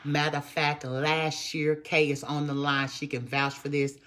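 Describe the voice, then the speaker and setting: A woman's voice: low voice, level tone, measured pace, a bit bright. A woman, giving a live-stream motivational talk as a network marketer and speaking with emphatic repetition to her viewers. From Texas. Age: 50s. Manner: emphatic, repetitive, preachy, addresses viewers as y'all.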